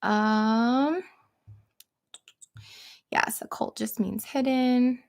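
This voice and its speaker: A woman's voice: on the high side, drawn-out words, gravelly. A woman in her thirties, chatting casually on a livestream, supportive, with lots of filler words. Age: 30s. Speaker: livestream co-host. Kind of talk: casual chat.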